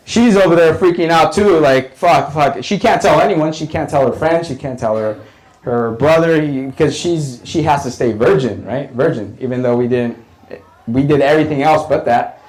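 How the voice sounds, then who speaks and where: A man's voice: mid-range voice, moderate pace, low-quality recording. A man telling a rambling stand-up story on a comedy club stage, full of fillers and restarts. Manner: rambling, filler-heavy, lively.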